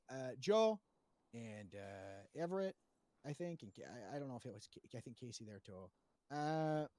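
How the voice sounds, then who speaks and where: A man's voice: a little high, darkish tone, dry recording. A man retelling roleplay events to a panel in a rambling, profane way, full of fillers and restarts. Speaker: roleplay player giving testimony to a panel.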